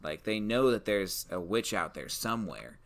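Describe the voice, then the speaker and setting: A man co-hosting a podcast, thinking aloud in a hesitant, relaxed way with many restarts as he pitches ideas. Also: moderate pace. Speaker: podcast co-host. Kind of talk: casual brainstorming chat.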